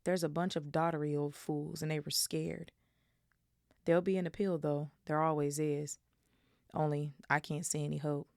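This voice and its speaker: A woman's voice: sits low, flat delivery, moderate pace, vocal fry, darkish tone, no room sound, studio quality. A woman voicing a studious, tearful teenage girl while reading a novel aloud. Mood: upset.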